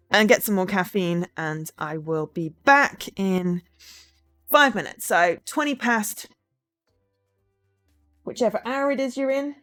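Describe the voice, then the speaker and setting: A woman's voice: mid-range voice, a bit bright. A woman chatting casually on a live charity gaming stream, rambling with lots of ums.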